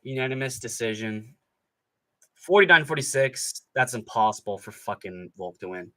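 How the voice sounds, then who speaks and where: Young male streamer host, sarcastic and profane, bright voice with a bouncing pitch. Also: expressive, moderate pace. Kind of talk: live fight reaction commentary.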